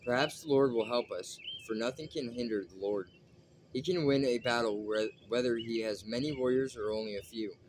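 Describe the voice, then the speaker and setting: A man's voice: medium pitch, normal speed, a little mellow, slight background noise, lightly acted. A man reading aloud and voicing a bold young warrior who speaks in an earnest, urging way.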